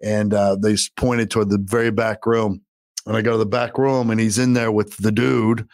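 A man's voice: lowish voice, level tone, moderate pace, no echo, clean studio sound. A middle-aged man, a podcast co-host, telling a long story in a casual, profane, rambling way.

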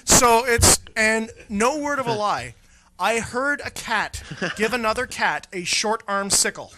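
Male co-host, high voice, animated crude storyteller, noticeable hiss behind. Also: a little slow. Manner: crude, animated anecdote telling, lots of swearing. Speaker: radio show co-host. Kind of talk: casual storytelling chat.

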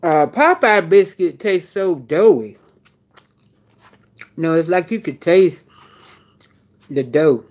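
A woman's voice: on the low side, lively intonation, slow pace, long pauses, a little mellow. A woman vlogging in a casual live stream while eating, chatting straight to her viewers.

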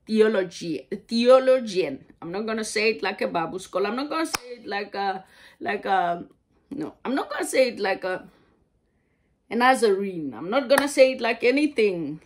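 A woman preaching a sermon, halting and repeating words as she goes. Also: mid-range voice, expressive.

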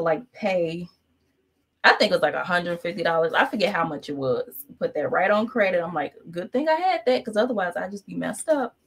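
A woman's voice: lowish voice, creaky. Chatty woman painting and telling stories. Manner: chatty, animated, acts out quoted voices. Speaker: painting instructor. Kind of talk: casual storytelling while painting.

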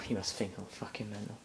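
British teen boy, rambling self-mocking home vlog, unhurried delivery, heavy noise behind. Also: on the low side, vocal fry. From Britain. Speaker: vlogger. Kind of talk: casual vlog. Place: at home, walking through the house. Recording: loud background noise.

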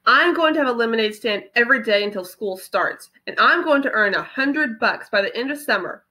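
A woman's voice: on the high side, expressive, brisk, bright, forceful tone. A hot-tempered boy from a children's storybook who brags and scoffs at his little sister. A woman reading aloud voices him. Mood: scornful. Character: boastful boy, older brother, hot-tempered.

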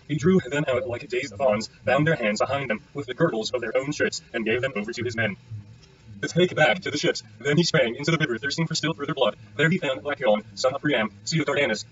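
A man reading an epic poem aloud in a brisk, steady way with small stumbles. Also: mid-range voice. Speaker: audiobook reader. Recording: dull sound, distant from the mic.

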